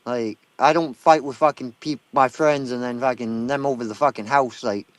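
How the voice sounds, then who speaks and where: A man's voice: mid-range voice, fairly even intonation, normal speed, no echo. A man in his thirties with a Down East Maine accent, telling stories bluntly and with lots of swearing in casual chat. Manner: blunt, profane storytelling.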